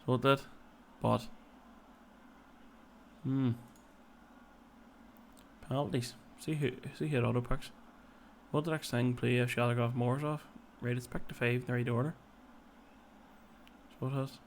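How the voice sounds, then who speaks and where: A man's voice: mid-range voice, fairly even intonation, measured pace, long pauses, slight background noise. Chatty gaming commentator man. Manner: chatty, thinks aloud, tags lines with "so it did" and "like". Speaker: video game player and commentator.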